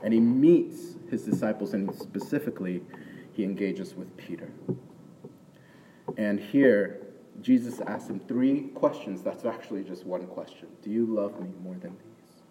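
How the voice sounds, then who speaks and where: A man preaching a sermon in a conversational way, often checking in with the audience with a quick "right?". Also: fairly low pitch, warm tone, a little hiss or hum. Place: church hall with an audience. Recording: distant mic in a reverberant hall.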